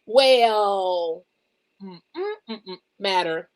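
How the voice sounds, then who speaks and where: A woman chats in a relaxed, playful way and laughs often. Her voice sits high. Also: a little slow, low-quality recording. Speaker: guest. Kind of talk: casual chat.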